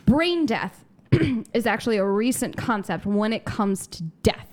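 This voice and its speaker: A woman's voice: mid-range voice, lively intonation, measured pace, darkish tone. Giggly woman host reading odd news. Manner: giggly, nerdy, explains science carefully. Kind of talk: casual live-stream chat.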